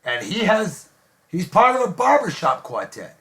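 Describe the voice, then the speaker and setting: A man hosting a casual online show, gushing jokey praise and shout-outs to friends. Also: high-pitched, wildly swooping pitch, measured pace. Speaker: host of a daily beer and music show.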